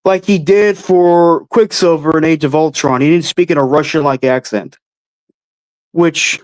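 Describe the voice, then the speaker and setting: A man's voice: fairly high pitch, steady tone, a little slow, no echo. A man hosting a livestream, answering chat questions with blunt, offhand opinions and casual swearing. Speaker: host answering live chat.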